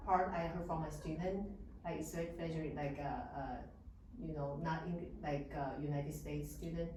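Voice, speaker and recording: A woman's voice: deep voice, fairly even intonation, normal speed, far from the mic, background noise. A woman whose first language is Mandarin, teaching words patiently in a casual interview, often affirming with yeah and mm-hmm. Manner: patient, frequent affirming yeahs and mm-hmms. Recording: echoey room, mic from afar.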